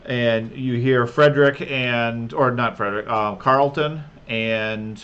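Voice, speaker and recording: A man running a tabletop game as game master, narrating in a halting way with fillers and restarts. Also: mid-range voice, fairly even intonation, fairly bright tone, smooth, lo-fi sound.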